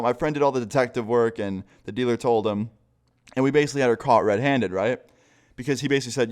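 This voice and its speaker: A man's voice: medium pitch, fast. A young man telling a casual storytime vlog in a loose, profane way, laughing now and then. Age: young adult. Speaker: vlogger.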